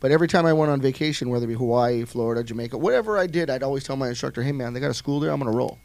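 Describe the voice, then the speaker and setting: A man hosting a casual talk show, relaxed and affirming toward his guest. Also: medium pitch, rapid-fire, gravelly, no room sound. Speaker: host. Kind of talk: casual chat.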